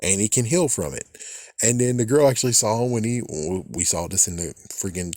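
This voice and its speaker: Expressive, a little fast and mellow, a man gives a profane, ranting fan recap of a TV episode, mocking characters in a raised voice and doing their lines at a higher pitch. Recording is dry with clean studio sound.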